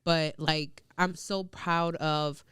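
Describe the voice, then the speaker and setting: A young woman hosts a casual podcast chat. She is frank and curious and scatters "like" and "you know" through her talk. Her voice sits a little low and comes through crisp and very clear, in a dry, close recording. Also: fairly even intonation, slow, a bit bright, no room sound. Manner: frank, curious, heavy on filler "like". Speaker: podcast host.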